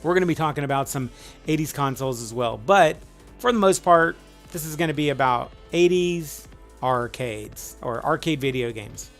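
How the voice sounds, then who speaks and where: A man's voice: a little high, expressive, normal speed, soft background music. A middle-aged man hosting a casual live trivia stream, rambling and upbeat as he greets viewers by name.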